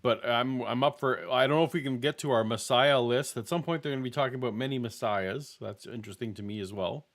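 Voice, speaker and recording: Halting man hosting a live stream. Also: mid-range voice. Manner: hesitant, halting. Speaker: host. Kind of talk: casual live-stream chat.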